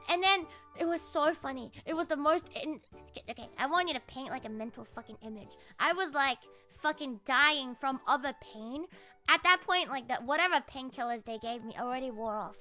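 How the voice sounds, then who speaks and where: A woman livestreamer telling a story in casual chat, animated, swearing a lot and laughing along. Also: sits high.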